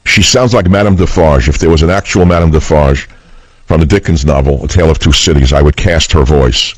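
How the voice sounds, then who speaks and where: A man's voice: a bass voice, no room sound, poor audio. A man hosting political talk radio, speaking in a combative, scornful and emphatic way.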